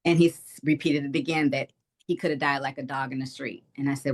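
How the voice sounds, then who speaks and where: A woman's voice: very deep voice, fairly even intonation, a little fast. A woman from Detroit, a state representative, giving an earnest, reflective personal testimony as an interview guest. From Detroit, Michigan.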